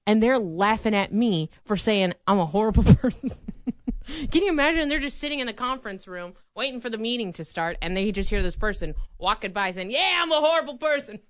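A young adult woman co-hosting a radio show, telling stories in a casual, animated way and laughing often. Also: mid-range voice, fairly quick, no room sound, studio quality. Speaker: radio co-host.

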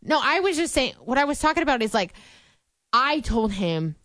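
A young woman with a slightly high voice talks casually on a radio show, self-deprecating and playful. The sound is close and dry, with no room around her. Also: big pitch swings, normal speed, fairly bright tone, no room sound. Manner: chatty, self-deprecating, acts out quotes. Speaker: radio co-host. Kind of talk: casual chat.

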